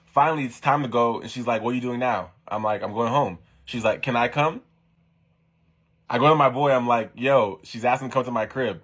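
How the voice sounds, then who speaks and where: Homem descontraído contando uma história. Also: male voice, mid-range voice, brisk, slightly rough. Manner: animated storytelling with slang and laughter. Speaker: podcast host reading a story aloud. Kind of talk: casual reaction commentary.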